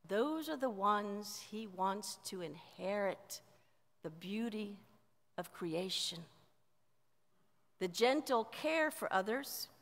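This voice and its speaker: A woman pastor preaching a sermon in a measured way, often letting line endings drop softly. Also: mid-range voice, animated. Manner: slow, measured preaching with soft dropped endings. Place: church sanctuary. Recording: church sanctuary with long reverb.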